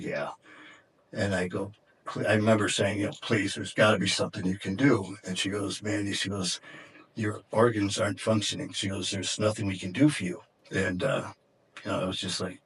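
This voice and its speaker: A middle-aged man from Detroit, a podcast guest, telling a personal story in a candid, halting way with many fillers and restarts. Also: fairly low pitch. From Detroit, USA.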